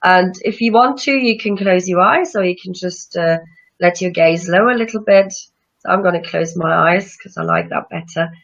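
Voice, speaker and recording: A woman yoga teacher leading a guided breathing meditation with slow, soothing instructions. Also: on the low side, a bit bright. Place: room with chairs, not a studio. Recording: dull lo-fi sound.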